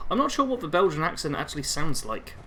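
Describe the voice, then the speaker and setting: A man's voice: fairly high pitch, wildly swooping pitch, fast talker, sharp tone, slight background noise. A young man live streaming a game on a headset mic, chatting constantly and reading chat aloud.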